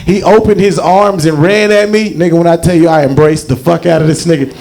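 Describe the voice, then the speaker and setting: A young man doing stand-up on a handheld mic, his voice sitting a bit high for a man. He tells a long profane story and jumps way up in pitch to act out the people in it. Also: fairly even intonation, brisk, creaky, a little mellow. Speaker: stand-up comedian. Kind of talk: stand-up comedy set. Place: comedy show in a library.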